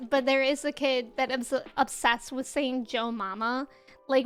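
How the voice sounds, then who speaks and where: Chatty high-voiced young woman streamer. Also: fairly bright tone. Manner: chatty, laughs often, reads chat aloud. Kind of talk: casual chat while gaming.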